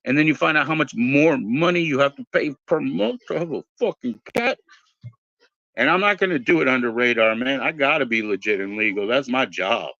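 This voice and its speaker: A man in his forties with a bright, forceful voice talks in a loose, meandering way, cursing casually as he drifts between tangents. The sound is dull and lo-fi, with a dry, close feel and no room around it. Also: mid-range voice, brisk, gravelly, few pauses, dry recording. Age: 40s. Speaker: podcast host. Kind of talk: rambling casual chat.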